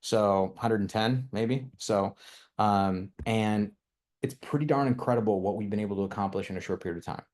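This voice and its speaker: Speaking at a normal speed in a fairly low, darkish voice, a man delivers a fired-up training talk meant to motivate his team. He has a toddler at home and is somewhere between young adulthood and middle age. His sentences wander, restart and often end in tag questions.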